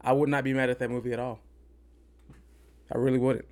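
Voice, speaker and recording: A man's voice: mid-range voice, little pitch movement, a little fast, a little mellow. A man hosting a podcast, giving an opinionated, rambling movie review and repeating himself for emphasis. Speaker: podcast host. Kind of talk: casual movie review rant.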